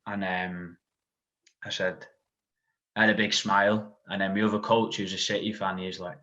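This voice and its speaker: A man's voice: low voice, flat delivery, moderate pace, long pauses, a bit bright. A man, a podcast guest telling a long story in casual chat, full of "like" and asides. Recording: dull lo-fi sound.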